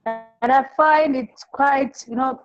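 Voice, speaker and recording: A woman teacher speaks slowly and unhurriedly, in a fairly high voice, recalling her pupils in an interview. She stumbles and repeats words, then acts out the children she quotes. The recording is dry and dull, with faint music underneath. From Zimbabwe. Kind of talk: interview answer, telling classroom anecdotes.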